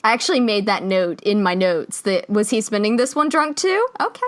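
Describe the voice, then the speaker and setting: A woman co-hosting a podcast in casual chat, animated and quick to laugh as she tells stories. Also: mid-range voice. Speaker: podcast co-host.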